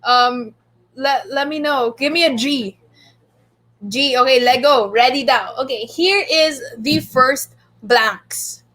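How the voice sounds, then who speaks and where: A woman's voice: high voice, takes it slowly, sharp tone. A woman with a Filipino accent hosting a live-streamed game, playful and giggly, switching between English and Tagalog. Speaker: host of a livestreamed show.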